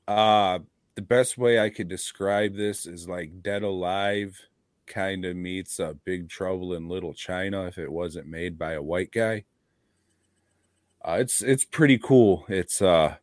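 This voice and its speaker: A podcast co-host with a very low voice chats loosely and slowly, laid-back, rambling and swearing throughout. The sound is close and dry, with no room sound at all.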